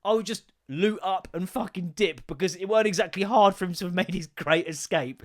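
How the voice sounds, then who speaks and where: A man's voice: sits high, brisk. Sweary man telling stories. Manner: sweary, animated storytelling with sudden loud outbursts. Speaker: podcast host. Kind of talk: casual comedic monologue.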